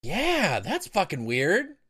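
A man co-hosting a casual podcast chat, dropping wry, deadpan asides. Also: high voice, takes it slowly, breathy edge.

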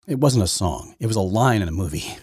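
A man's voice: on the low side, lively intonation, a little fast, darkish tone, slightly rough, dry recording, studio quality. A male podcast host giving rambling, sarcastic political commentary and often repeating his words.

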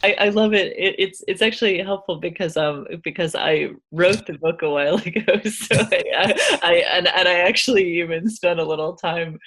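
A woman author being interviewed, explaining history at length with a hesitant delivery full of pauses and filler words. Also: lowish voice, fairly bright tone. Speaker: author guest. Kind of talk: conversational interview.

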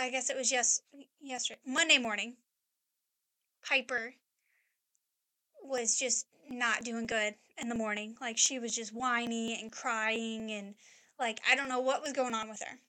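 A woman's voice: a little high, pushed and bright. A woman in her thirties chatting on a podcast, telling a rambling personal story full of "like". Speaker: podcast co-host, mother. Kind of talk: casual chat, personal storytelling.

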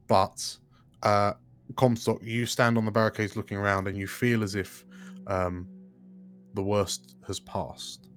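A man's voice: on the low side, flat delivery, unhurried, soft background music. A man narrating a tabletop game as game master, loose and full of fillers.

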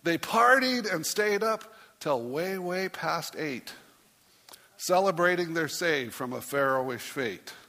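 A man's voice: a little high, lively intonation, slow pace, pushed and bright, big-room sound. A man preaching as a pastor, reading a rhyming story aloud in a playful way and putting on voices for the characters.

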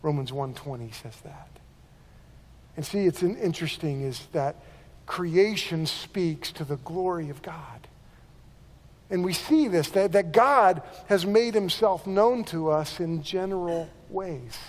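Pastor guy preaching, kinda high voice, lots of echo trailing off, keeps restarting words. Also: animated, unhurried. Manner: earnest preaching with repeated word restarts. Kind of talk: sermon. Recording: long hall reverb.

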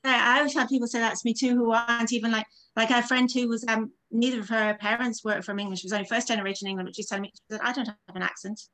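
A woman's voice: a little high, level tone, racing, hardly any pauses, fairly bright tone, low-quality recording. A woman talking as an interview guest, telling anecdotes and quoting what friends said to her. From Ireland. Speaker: interview guest, actor-writer. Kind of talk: casual interview chat.

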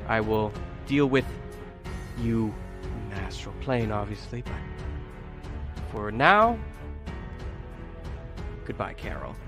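A man voicing a calm, cold six-armed deity taunting a captive foe in a tabletop game. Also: on the low side, music in the background. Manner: measured, taunting.

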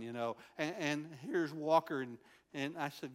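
A man's voice: a little high, normal speed. Older man preaching with animation. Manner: animated storytelling, drops to soft tender voice for God's words. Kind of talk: sermon.

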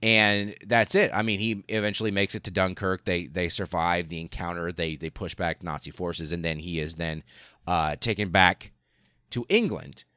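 Deep-voiced man telling history stories. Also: moderate pace, clean tone, dry recording, clean studio sound. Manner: excitable, profane, many fillers and restarts. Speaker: podcast host. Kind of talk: casual history storytelling.

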